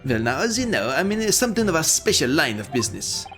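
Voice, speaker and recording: A man's voice: on the high side, sing-song, fast talker. A man voicing a shrewd middle-aged moneylender in a put-on Irish accent, sly and folksy, over game music. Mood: evasive. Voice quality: folksy, sly, rolling phrases.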